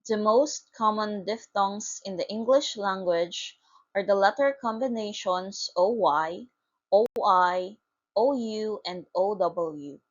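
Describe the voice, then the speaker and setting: A woman's voice: mid-range voice, lo-fi sound. A woman teacher reading a phonics lesson aloud, spelling out letters and repeating each word with care. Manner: slow, deliberate, spells out letters.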